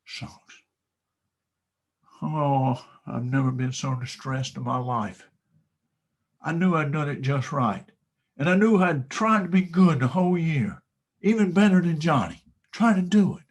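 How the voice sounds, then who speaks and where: A man giving a motivational speech, telling a story dramatically and swinging from whispers to loud bursts. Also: a little high, measured pace, husky. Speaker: motivational speaker.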